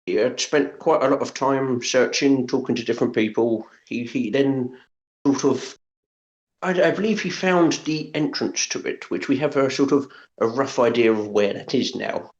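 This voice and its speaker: A man's voice: medium pitch, moderate pace, lo-fi sound. A man who stammers and repeats words while playing a tabletop role-playing game. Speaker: player. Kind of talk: tabletop role-play chat.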